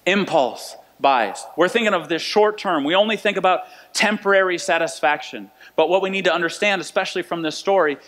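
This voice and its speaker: A man's voice: high-pitched, normal speed, bright, forceful tone. A male pastor preaching a conversational sermon in a church sanctuary, repeating key phrases for emphasis. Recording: long reverb of a church hall.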